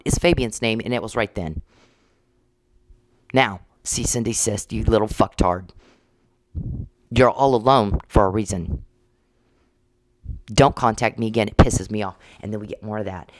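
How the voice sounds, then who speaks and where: A man's voice: medium pitch, no room sound. A man delivering an angry, profane monologue at an opponent, rambling and restarting as he goes. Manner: profane and confrontational.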